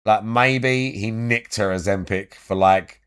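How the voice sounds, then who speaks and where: A man's voice: on the low side, slow, smooth. A young man giving crude, mocking commentary, laughing often and trailing off into restarts. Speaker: online commentator.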